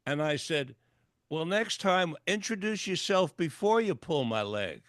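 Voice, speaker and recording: An older man, a clinical psychologist and author, is a guest in a radio interview, telling a long personal story and throwing himself into each quoted line. His voice is a little high for a man, fairly bright, with lively intonation at a measured pace. The sound is dry and close with no room around it.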